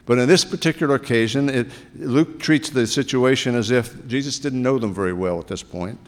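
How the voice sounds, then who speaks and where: Male pastor, conversational sermon, middle-pitched voice, long church reverb. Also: fairly quick. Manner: conversational storytelling preaching. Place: church sanctuary.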